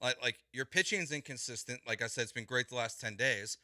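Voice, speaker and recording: A man's voice: medium pitch, a little fast, pushed and bright, no room sound, studio quality. A man hosting sports talk radio, arguing his point in an emphatic, exasperated way and repeating words for stress.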